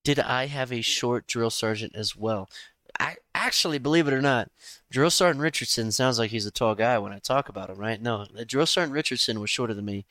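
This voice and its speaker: A man's voice: medium pitch, a little fast, a bit bright, no echo. A man and army veteran in a casual podcast chat, talking in a blunt, profane, self-mocking way.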